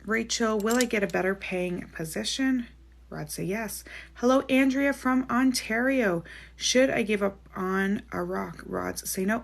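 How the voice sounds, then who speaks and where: Woman, psychic live-streamer, mid pitch, gravelly, casual, laughs easily. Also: a bit bright. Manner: chatty, quick to laugh, frequent "like"; reads out questions and answers each. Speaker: psychic medium. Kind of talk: live-stream reading of viewer questions.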